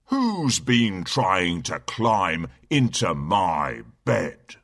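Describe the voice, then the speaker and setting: A man voicing a big, gruff father bear in a children's storybook cartoon, speaking slowly. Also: sing-song, fairly bright tone, no room sound, studio quality, heavily acted. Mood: indignant. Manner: slow, booming and gruff.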